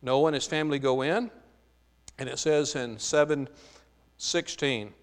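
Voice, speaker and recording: A man preaching a sermon, teaching from the Bible in a slow, emphatic way with frequent filler sounds. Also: mid-range voice, clean tone. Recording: long hall reverb.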